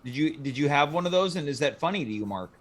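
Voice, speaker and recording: Guy hosting a chat show, high voice, bouncy and expressive, joking mock-serious questions. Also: fast talker. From Canada. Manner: playful, animated, mock-formal questions. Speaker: host. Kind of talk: casual chat on a livestream show.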